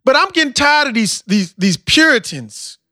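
A man's voice: extremely high pitch, big pitch swings, normal speed, sharp tone, dry recording, clean studio sound. A man hosting a casual roundtable, talking emphatically and profanely, repeating words as he builds a point.

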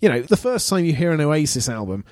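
A man's voice: a little high, very animated, quick pace, a little mellow, dry recording. A man from England co-hosting a casual review podcast, thoughtful and hedging, with a dry wit. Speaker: podcast co-host.

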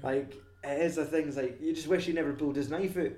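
A young man chatting casually about a film, sweary and animated. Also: a little high, fairly quick. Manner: sweary, animated, acts out scenes. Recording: echoey room.

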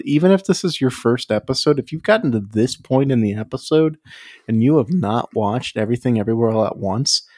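A hoarse man co-hosting a casual comedy movie podcast, joking around and swearing freely. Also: lowish voice, darkish tone. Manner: jokey, swearing, goofy bits. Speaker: podcast co-host.

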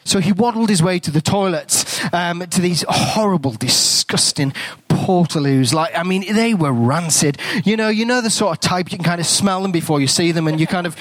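A man's voice: high voice, moderate pace, no echo. A man, a guest speaker telling a funny, self-deprecating story in a sermon, acting out the dialogue.

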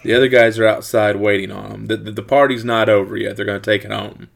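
A man in casual chat, retelling a horror movie plot in a rambling, animated way. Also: on the low side, quick pace, vocal fry. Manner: rambling, animated storytelling with acted quotes.

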